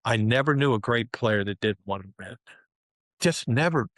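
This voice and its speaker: A man in his seventies, a former pro basketball player, telling stories as an interview guest in an animated way, often saying "you know" and "man". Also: mid-range voice, moderate pace, no echo, studio quality. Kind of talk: interview storytelling.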